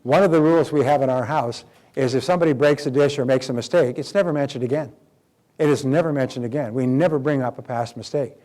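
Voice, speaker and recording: Speaking quickly in a mid-pitched voice, an older man gives a live self-help seminar as a motivational speaker. He tells stories with animated energy, briefly mimicking the voices of the people he quotes.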